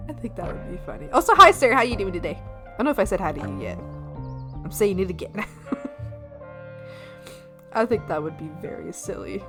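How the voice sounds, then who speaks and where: A woman's voice: medium pitch, very animated, moderate pace, long pauses. A young woman streamer chatting casually to her viewers, rambling and giggling with crude, playful jokes and lots of fillers. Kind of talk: casual live-stream chat. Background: soft background music.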